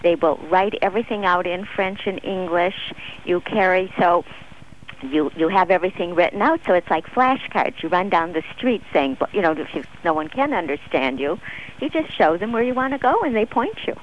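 A woman's voice: lowish voice, lively intonation, moderate pace, a little hiss or hum. An enthusiastic American woman, a travel author, chatting as a guest on a radio interview and often laughing. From United States. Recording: dull, muffled radio audio.

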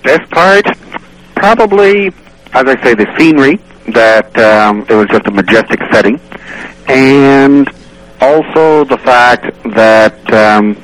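A man on a radio show, fondly recalling a trip in a relaxed way with many pauses. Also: medium pitch, rough recording. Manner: relaxed, reminiscing, hesitant fillers. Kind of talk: casual radio chat.

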